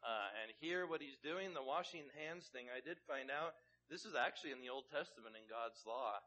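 Bright-voiced man preaching plainly. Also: mid-range voice, a little fast, poor audio. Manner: plain conversational preaching with rhetorical questions. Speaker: pastor. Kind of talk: sermon.

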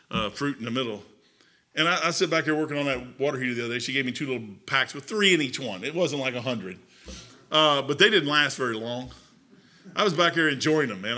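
A man preaching a folksy sermon, swinging between loud proclamations and quiet, confiding asides. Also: on the high side.

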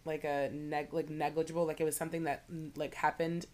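A woman's voice: deep voice, level tone, fairly quick, darkish tone. A woman co-hosting a podcast in a casual chat, leaning heavily on "like" as she talks. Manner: chatty, leans heavily on "like". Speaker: podcast co-host.

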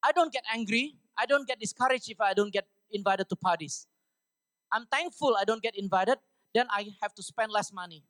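A woman preaching a sermon to students, emphatic and often checking for the audience's agreement, with bursts of loud, high exhortation. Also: brisk, no room sound.

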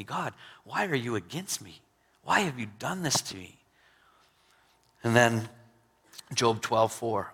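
A married man preaching an earnest sermon, with frequent restarts, swinging between loud stresses and soft drops. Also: medium pitch, normal speed, breathy edge. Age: adult, married with two sons. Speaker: pastor.

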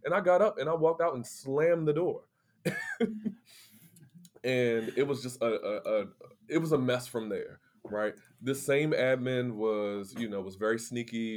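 A man co-hosting a podcast, telling a story in a lively, conversational way and acting out the people he quotes. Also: medium pitch, moderate pace. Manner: animated, acts out quoted people. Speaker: podcast co-host. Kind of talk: casual storytelling chat.

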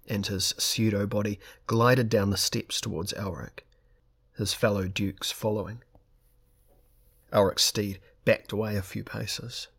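A man reading an audiobook as its narrator, in a steady, measured storytelling style. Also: on the low side, husky. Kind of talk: scripted narration.

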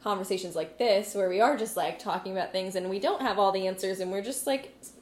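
Woman, podcast host, casual chat, halting, supportive, echoey room. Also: mid-range voice. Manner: supportive, short affirmations, halting. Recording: roomy echo with faint background noise.

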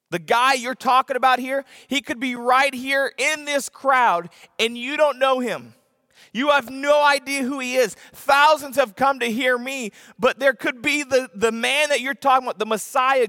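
A man preaching a sermon as a pastor, telling a story with lively acted-out voices and sudden shouts for emphasis. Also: high voice, no room sound, clean studio sound, big-room sound.

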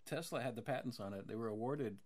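A woman with an extremely low voice co-hosting a casual podcast. She talks in a dry, matter-of-fact way and slips in deadpan jokes. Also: fast talker. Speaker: podcast co-host. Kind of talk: casual chat.

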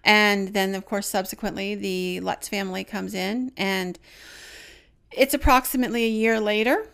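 A woman's voice: mid-range voice, steady tone, normal speed, vocal fry, fairly bright tone, clean tone. A woman co-hosting a podcast, chatting casually and telling stories with plenty of fillers. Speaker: podcast co-host, paranormal investigator.

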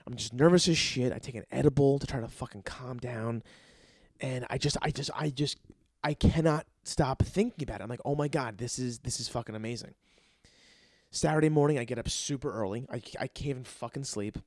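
A man's voice: medium pitch, brisk, no echo, studio quality. A young man hosting a comedy podcast, telling a story in a casual, profane and rambling way. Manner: excitable, profane, rambling with restarts. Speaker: podcast host and aspiring comedian.

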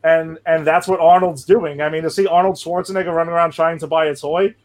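Excited podcast guy, voice a bit on the high side, trips over his words. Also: fast. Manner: enthusiastic, stammering restarts. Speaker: podcast co-host. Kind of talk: casual chat.

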